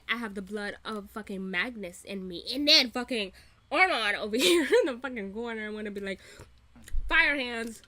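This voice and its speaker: A woman's voice: mid-range voice, pushed and bright. A woman host giving a casual, profane, laughing recap of a TV episode. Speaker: reaction channel host.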